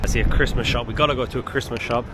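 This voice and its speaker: A man's voice: mid-range voice, fairly even intonation, rapid-fire. A man talks through a walking travel vlog, chatty and easily impressed, exclaiming at the sights as he goes. His voice sits in a middle register. The handheld camera picks up a faint hum of traffic and street sounds behind him. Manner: chatty, enthusiastic, exclaims often. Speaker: travel vlogger. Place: outdoors on busy city streets.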